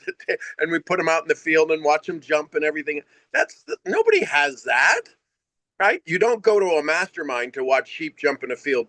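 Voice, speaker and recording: A man's voice: on the high side, a bit bright, no room sound, low-quality recording. A man hosting a casual video call, praising a guest and laughing often. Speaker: host.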